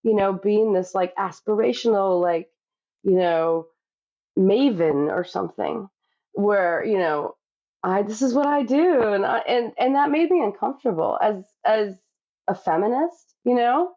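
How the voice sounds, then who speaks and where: A woman's voice: medium pitch, lively intonation, measured pace, lo-fi sound. A woman cookbook author talking reflectively in a podcast interview, with many you-knows.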